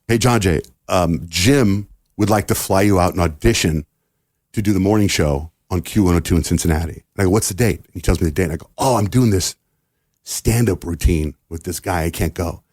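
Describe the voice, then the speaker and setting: Deep husky-voiced man telling a story. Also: normal speed, no room sound, clean studio sound. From United States. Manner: animated storyteller acting out quoted dialogue. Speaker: radio host guest. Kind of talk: casual storytelling in a podcast interview.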